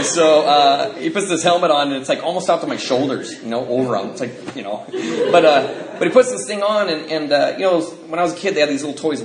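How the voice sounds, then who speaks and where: A man speaking at a recovery convention, telling his story in an animated, self-mocking way and acting out the quotes. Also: on the high side. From Washington State, USA. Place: large convention hall. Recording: echoey hall recording with background noise.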